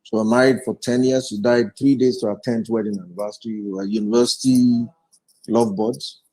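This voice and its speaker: A man's voice: fairly low pitch, steady tone, fairly quick, mellow, low-quality recording. A man in his forties, a guest speaker giving an earnest, reflective personal testimony in an interview and retelling past conversations.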